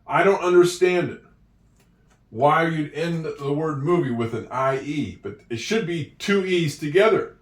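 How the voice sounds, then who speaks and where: A man teaching handwriting and spelling at a board, with slow, encouraging talk and drawn-out words. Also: fairly high pitch. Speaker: English teacher. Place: room with a whiteboard. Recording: echoey room, voice from a distance.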